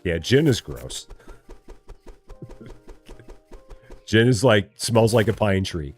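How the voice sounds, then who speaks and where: A middle-aged man with a low voice that swings up and down a lot talks through a game, muttering to himself and calling out to his chat. Faint music plays behind him. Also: animated, slow, long pauses, a little mellow, slightly rough. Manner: talks to himself, chatty, reads viewer chat aloud. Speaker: game streamer. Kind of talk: casual live gameplay commentary.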